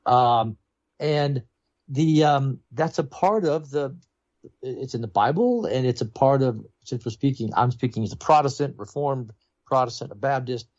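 A man's voice: medium pitch, unhurried, a little mellow, dry recording, lo-fi sound. A man, a pastor, is a guest on a talk program, explaining theology in an earnest, explanatory way.

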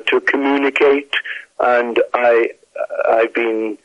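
A retired Welsh pastor in his eighties with a slight mid-Atlantic tinge, speaking in a measured, hesitant way full of fillers. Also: mid-range voice, a bit bright, no echo, lo-fi sound. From Wales. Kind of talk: reflective conversational interview.

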